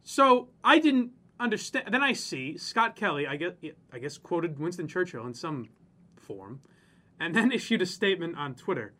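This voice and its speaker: Animated high-voiced ranting man. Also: moderate pace. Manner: profane, ranting, mocks people in exaggerated voices. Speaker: podcast co-host. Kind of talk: casual ranting chat.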